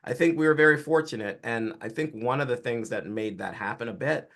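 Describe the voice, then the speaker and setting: A film director from Georgia, a man, giving relaxed, explanatory interview answers about his career and work. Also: mid-range voice, brisk. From Atlanta, Georgia, US.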